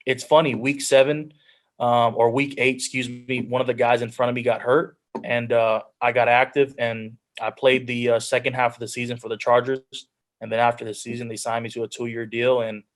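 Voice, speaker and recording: A man's voice: medium pitch, level tone, normal speed. A man in his twenties, a pro football player, earnestly telling his life story as a guest on a video call, often quoting his own thoughts. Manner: earnest storytelling, drops into quoted self-talk.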